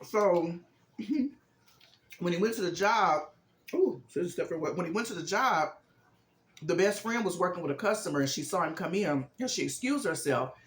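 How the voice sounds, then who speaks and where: In an echoey room, a female vlogger with a lowish voice and lively intonation retells a film's plot at normal speed. Her storytelling is casual and chatty, with acted-out lines delivered emphatically and frequent fillers like "um" and "this, this, and that."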